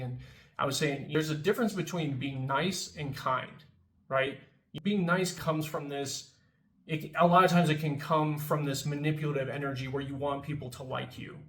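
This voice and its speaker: A man's voice: mid-range voice, fairly bright tone, echoey room, poor audio. A man in recovery talking casually to viewers about anger, often checking in with "right?" and swearing now and then. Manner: conversational, frequent "right?" tags, swears casually. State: in recovery from addiction. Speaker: recovery video host. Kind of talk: casual talking-to-camera reflection.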